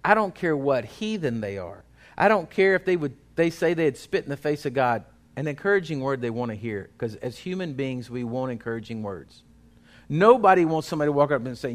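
A man's voice: mid-range voice, expressive, brisk. A male pastor, preaching a sermon in a folksy, exhorting way.

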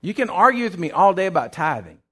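Animated man preaching a sermon. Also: high-pitched, fast, slightly rough. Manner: animated storytelling, acts out quotes, sudden shouts. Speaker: pastor.

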